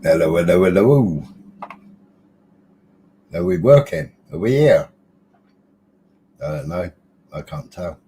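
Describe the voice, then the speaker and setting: A man's voice: deep voice, big pitch swings, takes it slowly, pauses often, warm tone, a little hiss or hum. Chatty man streaming live. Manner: chatty and teasing, reads out viewers' names, mild swearing. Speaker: livestream host. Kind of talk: casual livestream chat greeting viewers.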